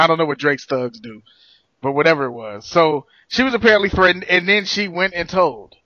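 A man's voice: a little high, a little fast, bright, forceful tone, no echo, highs cut off. A man co-hosting a podcast, talking in a playful, teasing way and laughing often. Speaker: podcast co-host. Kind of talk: casual chat.

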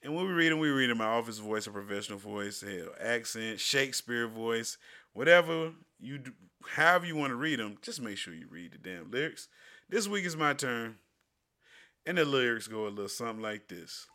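A man's voice: medium pitch, lively intonation, a little fast, sharp tone, faint music behind. A man co-hosting a podcast in casual, joking banter, often laughing. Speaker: podcast co-host. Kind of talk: casual chat.

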